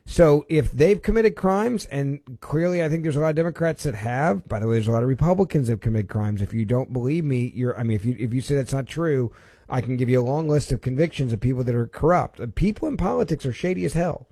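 A man's voice: medium pitch, lively intonation, quick pace, mellow. A man hosts a political call-in radio show from a studio. He speaks emphatically, often restarting sentences and repeating words as he drives his point home. The sound is close and dry, with no room echo. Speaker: radio talk show host. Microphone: studio microphone.

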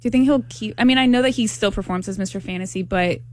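Fast-talking woman co-hosting a radio show. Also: medium pitch, a little mellow. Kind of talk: casual chat.

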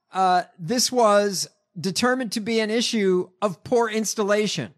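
Male podcast host, casual political commentary, rambling and sarcastic, voice a little high. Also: animated, a little slow. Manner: rambling, sarcastic, with many fillers.

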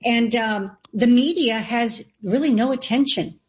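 A woman's voice: fairly high pitch, measured pace. A woman running for lieutenant governor, answering interview questions in an emphatic way with sarcastic asides. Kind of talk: political interview. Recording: dull lo-fi sound.

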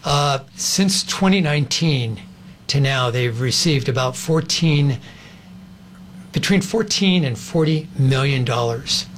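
A man's voice: medium pitch, expressive, slow, a bit bright, slight background noise. A man speaking as a guest on a talk show, urgent and insistent, asking pointed rhetorical questions. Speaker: guest, advocacy group organizer. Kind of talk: interview talk.

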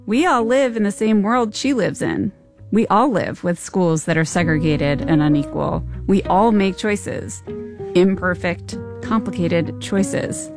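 A woman host delivering scripted podcast narration in a measured voice with pointed rhetorical questions. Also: medium pitch, a little mellow, faint music behind.

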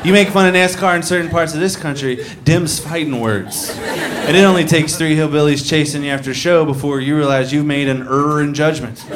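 A man's voice: on the high side, steady tone, fairly quick. A male stand-up comedian telling stories with a dry, wry delivery, in a live recording with background noise.

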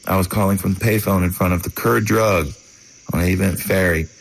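A man performs rhythmic spoken word, striking each phrase in measured beats. Faint noise hums under the recording. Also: sits low, fairly even intonation, creaky, rough recording. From North Carolina. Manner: rhythmic, declamatory.

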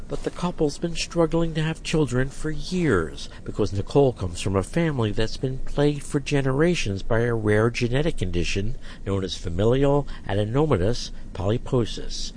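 A man reporting a scripted radio news story as a correspondent, in a measured, even delivery. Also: mid-range voice, slight background noise.

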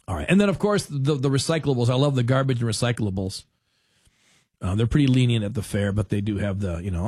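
A man's voice: medium pitch, quick pace, husky, no room sound, studio quality. A man hosting a talk show, chatting casually and rambling a bit as he tells stories and acts out what people say. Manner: animated storyteller who acts out quotes; rambling with restarts.

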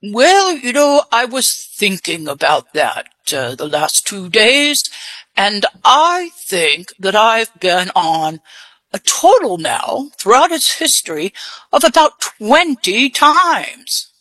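A woman's voice: very animated, fairly bright tone, dry recording. Woman with a put-on English accent. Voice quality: deep-pitched. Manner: hesitant, halting with many fillers. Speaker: mystery guest. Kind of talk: radio guessing-game interview.

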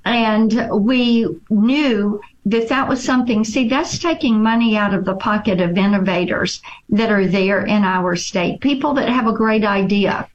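A middle-aged woman speaks very slowly and deliberately, building her points through long lists of repeated phrases. Her voice sits at an ordinary pitch for a woman. The recording sounds dull and lo-fi. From Tennessee. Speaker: politician guest. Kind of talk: interview answers.

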